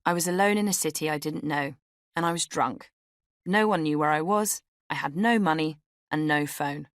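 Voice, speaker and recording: A woman's voice: sits low, moderate pace, dry recording, clean studio sound. A young woman reading her own memoir aloud in a wry, candid storytelling manner. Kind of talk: audiobook memoir narration. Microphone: studio microphone.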